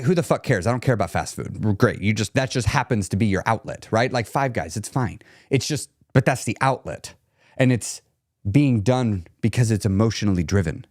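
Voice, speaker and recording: A man coaching on weight loss during a live chat stream, blunt and emphatic, repeating his key points, and going quieter when he talks about himself. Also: medium pitch, dry recording, studio quality.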